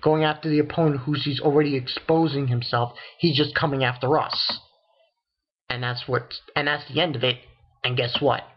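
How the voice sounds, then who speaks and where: A man casually recapping a manga chapter, excitable and profane, with many restarts. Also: medium pitch, moderate pace, muffled recording. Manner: excitable, swears, retells dialogue with many restarts. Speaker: manga reviewer.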